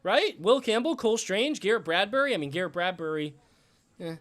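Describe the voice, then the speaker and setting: A man's voice: high voice, animated, fairly quick, a bit bright. A man hosting a live stream, giving casual reaction commentary, rambling and thinking aloud while thanking viewers.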